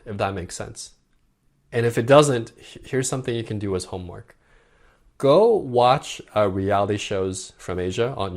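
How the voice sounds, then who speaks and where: A young man giving dating advice straight to camera, talking in a casual, animated way and sometimes acting out tones of voice. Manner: animated, demonstrates voice tones with bright high-pitched impressions. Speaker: dating coach. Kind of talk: direct-to-camera coaching talk.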